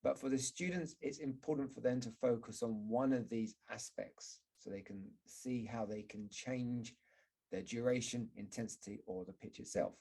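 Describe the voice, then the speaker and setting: A man teaching English pronunciation over slides, explaining word stress in a measured way and modelling example words. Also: mid-range voice, fairly even intonation, vocal fry, dark tone, husky.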